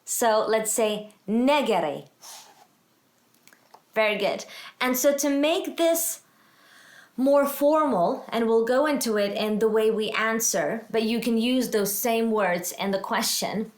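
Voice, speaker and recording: A woman teaching a casual language lesson, encouraging and a little self-deprecating, slowing down to model each word. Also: a little high. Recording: echoey room.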